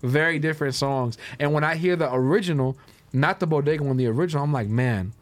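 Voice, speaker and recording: A man's voice: on the high side, fast talker, no echo. A man guest on a podcast, casually telling a long story with loose restarts and lots of quoted back-and-forth. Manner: loose, rambling, many restarts and quoted dialogue. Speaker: podcast guest, music producer.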